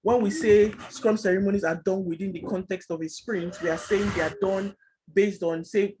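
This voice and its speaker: A man teaching a Scrum class online, explaining fast and chatty with many fillers. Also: sits high, fairly even intonation, noisy background. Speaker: Scrum trainer.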